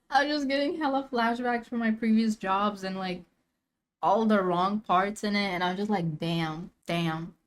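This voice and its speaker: A young woman streamer in a casual reaction rant, full of slang and filler words, swinging from low mutters to near-shouting. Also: steady tone, moderate pace.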